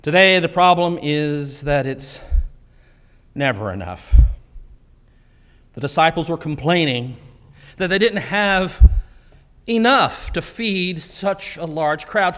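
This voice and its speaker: A man preaching a sermon in a church, telling the story with animated delivery and acting out the quotes. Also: on the high side, slow pace. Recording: long hall reverb.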